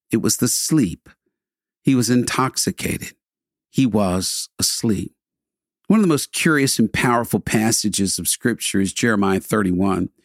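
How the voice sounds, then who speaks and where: A man with a fairly low voice delivers a sermon in an earnest, measured way. He leans into dramatic pauses and sinks to a soft, hushed tone for the tender passages. The recording is close and dry, with no room sound. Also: no room sound. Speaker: preacher.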